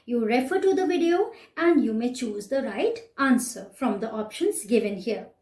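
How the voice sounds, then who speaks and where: A woman's voice: fairly high pitch, expressive, moderate pace, darkish tone. A woman with an Indian English accent teaching a class, patiently explaining exercises and often checking in with "right?". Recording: echoey room, voice slightly distant from mic.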